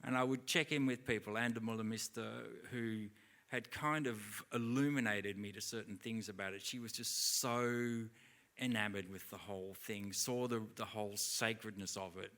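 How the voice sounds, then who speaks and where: A man's voice: on the low side, fairly even intonation, moderate pace, a bit bright. A middle-aged man, a guest at a live on-stage interview, telling rambling anecdotes and acting out other people's lines. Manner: rambling anecdotes full of acted-out dialogue. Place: theatre stage at a live event.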